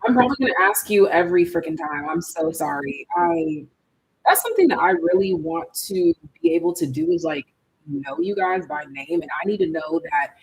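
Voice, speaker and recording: Tarot reader, casual live-stream reading, chatty, slangy, thinks aloud, swings between hushed asides and loud exclamations, mid-pitched voice. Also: lively intonation, normal speed, rough recording.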